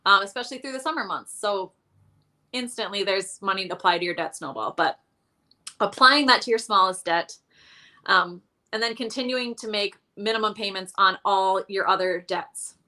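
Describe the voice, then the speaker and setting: A woman's voice: mid-range voice, moderate pace, bright, forceful tone. A woman guest in casual interview chat, telling her money story candidly with a self-deprecating streak and many fillers.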